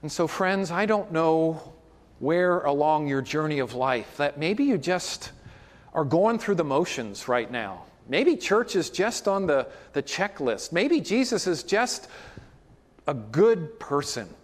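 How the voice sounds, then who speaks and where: A man's voice: on the high side, sing-song, takes it slowly, in a large hall. A man preaching a sermon as pastor, in a conversational way with frequent asides to the congregation.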